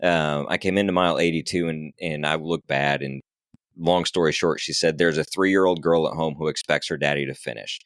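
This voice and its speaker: A man's voice: rumbling low, steady tone, fairly quick, a bit bright, no room sound, clean studio sound. A man, a podcast guest and ultrarunner, telling a story casually, acting out quoted dialogue and swearing now and then.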